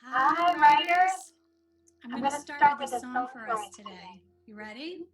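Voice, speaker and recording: A woman teaching young children letter sounds, speaking slowly and sounding out each sound with care. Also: high voice.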